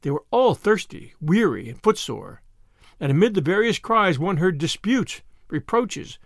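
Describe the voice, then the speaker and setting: A man reading a novel aloud as scripted narration, with a dramatic delivery that calls out the crowd's shouts. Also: sits high, sing-song, measured pace, no room sound, clean studio sound. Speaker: audiobook narrator.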